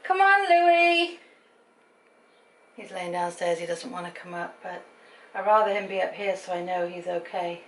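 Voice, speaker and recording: A woman's voice: on the low side, flat delivery, a little fast, poor audio. A middle-aged woman chatting at home in a rambling vlog, acting out the people she quotes. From Britain. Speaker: vlogger.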